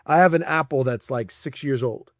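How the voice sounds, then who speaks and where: A man's voice: mid-range voice, moderate pace, no echo, studio quality. A man speaking as a podcast guest in a casual chat, blunt and profane, laughing between points and acting out people he quotes.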